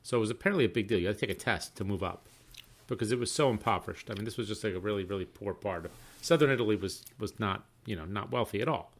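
A middle-aged man co-hosting a podcast, chatting casually and telling stories with lively exclamations. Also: on the low side, racing. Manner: animated storyteller, exclaims often. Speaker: podcast co-host. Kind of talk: casual chat.

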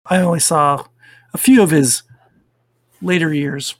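A man's voice: a little high, steady tone, a little slow, dry recording, studio quality. A middle-aged man co-hosting a podcast, chatting casually and rambling with fillers. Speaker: podcast co-host. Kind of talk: casual chat.

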